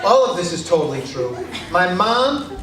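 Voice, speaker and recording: A man telling a true comic story on stage, self-deprecating and excitable. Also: sits high, normal speed. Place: stage before a laughing audience. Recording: echoey live room from a distance.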